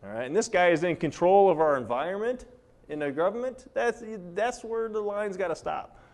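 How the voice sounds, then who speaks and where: A man delivering a live talk to an audience, sarcastic and animated. He gets charged up as he goes and keeps checking in with listeners between points. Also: sits high, moderate pace. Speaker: presenter.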